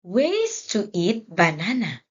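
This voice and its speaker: A woman teacher giving a children's English lesson, prompting read-alongs in a slow, deliberate way. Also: mid-range voice, wildly swooping pitch, slightly rough, lo-fi sound.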